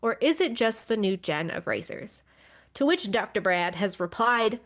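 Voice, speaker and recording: Woman podcast co-host, mid pitch, casual and chatty. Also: sing-song, normal speed. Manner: conversational, with frequent fillers and restarts. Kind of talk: casual chat.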